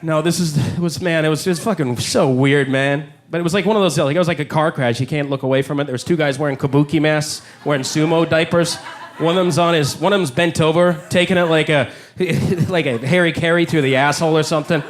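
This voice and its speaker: Man, 40s, stand-up comic, brash and profane, high voice. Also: fairly even intonation, quick pace. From Canada. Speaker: stand-up comedian. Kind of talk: live stand-up set. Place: comedy club.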